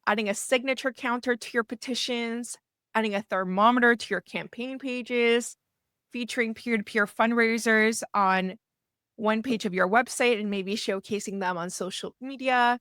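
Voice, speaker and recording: A woman's voice: a little high, moderate pace, a bit bright, smooth, no echo, clean studio sound. A woman who works as a fundraising consultant, giving a conversational lesson and often checking in with the listener with "right?". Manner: chatty, frequently checks in with "right?" and starts with "so". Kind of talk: conversational teaching talk to camera.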